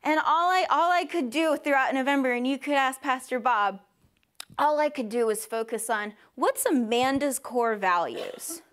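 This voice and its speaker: A young woman with a fairly high voice gives a personal testimony to a church congregation. She is openly emotional and close to tears at times. She acts out the people she quotes with sudden high jumps in pitch. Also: moderate pace, fairly bright tone, clear, resonant tone. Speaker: speaker at a church service.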